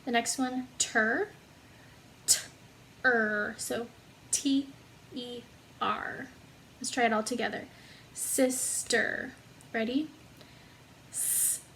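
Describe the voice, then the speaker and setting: A woman with a fairly high voice teaches young children to read, spelling words out letter by letter. She talks very slowly and patiently, with encouraging praise. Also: steady tone, creaky, a bit bright, slight background noise, poor audio. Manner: slow, sounding out letters and syllables one by one. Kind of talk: phonics lesson for young children.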